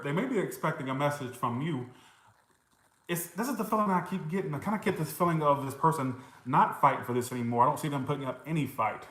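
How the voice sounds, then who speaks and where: A man's voice: medium pitch, fairly bright tone. Chatty man doing a tarot reading in an echoey room. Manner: chatty, reacts to comments, swears and laughs. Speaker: tarot reader. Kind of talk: casual tarot reading livestream.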